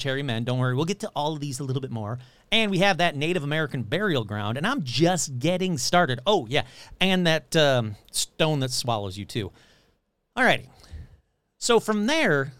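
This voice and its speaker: A man hosting, telling eerie local history casually with animated, jokey asides. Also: a little high, no echo. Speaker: host. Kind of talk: casual paranormal storytelling.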